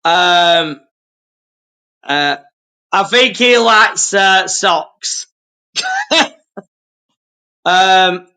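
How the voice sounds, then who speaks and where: A man's voice: high voice, lively intonation, very slow, long pauses, sharp tone, smooth. A man guest on a live stream, chatting in an easygoing, hesitant way with lots of ums and uhs. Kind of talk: casual chat on a live stream.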